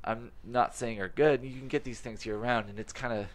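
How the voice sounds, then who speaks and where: A man's voice: medium pitch, fairly even intonation, normal speed. A tired young man co-hosting a podcast, rambling through casual chat with many fillers and restarts. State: tired from having a baby. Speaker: podcast co-host.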